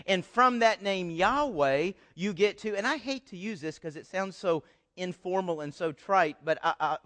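A man preaching a sermon to his congregation in an animated, conversational way, addressing them as folks. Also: high-pitched. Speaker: pastor.

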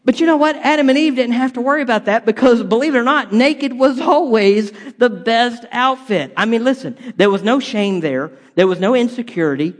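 A male pastor with a notably high voice delivers a playful sermon. He swings his energy hard, punching up the jokes and then dropping low and quiet for drama. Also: fairly quick, few pauses. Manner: animated, swings between loud punchlines and quiet dramatic drops. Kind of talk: humorous sermon.

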